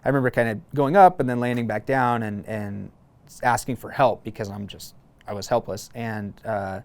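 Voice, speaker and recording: A man in his thirties, a former Marine, calmly telling a long personal story in a casual interview, with frequent fillers and restarts. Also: medium pitch. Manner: relaxed, halting, many fillers and restarts.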